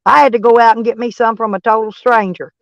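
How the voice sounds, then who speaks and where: A woman's voice: on the high side, fairly even intonation, fast, creaky, dry recording, muffled recording. A woman hosting a casual livestream chat from her van, blunt and crude, laughing often. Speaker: livestream host.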